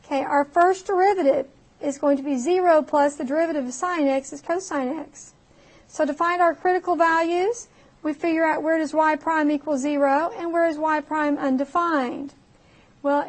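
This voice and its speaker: Chatty high-voiced woman teaching math. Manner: chatty, laughs at herself, talks through calculator steps. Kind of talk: recorded math lecture.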